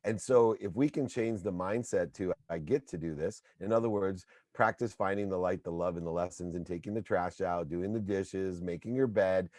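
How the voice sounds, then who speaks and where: A middle-aged man, a podcast guest, talking in an energetic, motivational way and telling anecdotes. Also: sits low, moderate pace, hardly any pauses, dry recording, clean studio sound. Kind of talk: casual interview talk.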